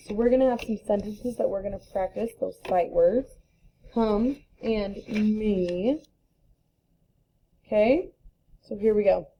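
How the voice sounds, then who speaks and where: A woman teacher giving a slow, deliberate reading lesson to young children, spelling out letters and sounding out words. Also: mid-range voice. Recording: slightly dull lo-fi recording.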